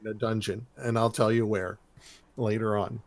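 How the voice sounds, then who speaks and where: A man co-hosting a podcast, recapping a cartoon episode in rambling, animated casual chat. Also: fairly low pitch, normal speed. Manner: rambling, animated storytelling with laughs. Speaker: podcast co-host.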